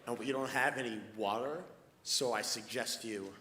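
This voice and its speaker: A flat, dismissive shop manager who keeps his voice low and quiet, as a comedian puts him on. He clips every reply short, and the live recording carries a clear wash of ambient noise behind him. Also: normal speed, reverberant, long reverb tail, natural voice. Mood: curt. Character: curt male cupcake shop manager.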